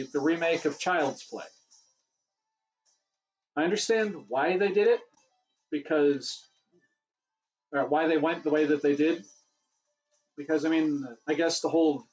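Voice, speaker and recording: On lo-fi audio, a man with a voice on the high side hosts a relaxed livestream, answering questions. He's chatty, rambles, and corrects himself, and his voice is starting to sound worn.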